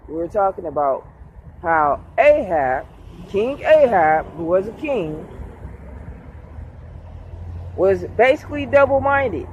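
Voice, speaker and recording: A man's voice: sits high, lo-fi sound, a little hiss or hum. A man leading a casual Bible lesson, reading a passage aloud and then explaining it in everyday words, checking in with his listeners as he goes. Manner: conversational, checks in with "okay?". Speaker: Bible study teacher.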